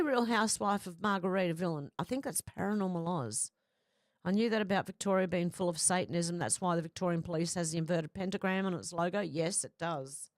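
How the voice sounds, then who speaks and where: A woman hosts a livestream in a blunt, chatty, profane manner, reading out viewer comments. Her voice is mid-pitched for a woman. The sound is dry and close. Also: no room sound. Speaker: host.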